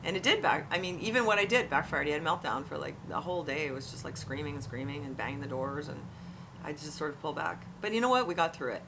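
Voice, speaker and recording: A woman's voice: low-pitched, quick pace, vocal fry, noisy background. A middle-aged woman and parent, giving earnest, frank advice straight to camera in a casual talk. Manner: earnest, frank, repeats words when emphasizing. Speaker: parent vlogger.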